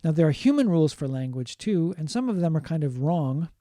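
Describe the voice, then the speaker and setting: Mellow-voiced man teaching linguistics. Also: a little high, big pitch swings, no room sound, clean studio sound. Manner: explains slowly, repeating points and adding Japanese glosses. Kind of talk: online lecture.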